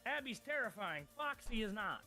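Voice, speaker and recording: A man's voice: high voice, big pitch swings, normal speed, bright, forceful tone, soft background music. A man playing a tabletop game over voice chat, brash and profane, trash-talking his friends. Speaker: player. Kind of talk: casual tabletop banter.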